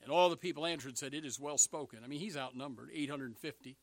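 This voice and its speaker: A man preaching a sermon, animated, swinging between loud bursts and hushed asides. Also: a little high, fast, no room sound.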